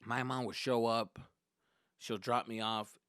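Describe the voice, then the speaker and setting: A young adult man, a comedian, telling stories casually with lots of swearing and animated quotes. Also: mid-range voice, unhurried, clear, resonant tone, no echo, clean studio sound. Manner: profane, animated, acts out quotes.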